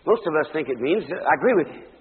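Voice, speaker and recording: A man preaching a dramatic sermon, surging to loud emphatic peaks and dropping to hushed tones. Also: fairly high pitch, lively intonation, fast, slightly rough, big-room sound, phone-quality sound.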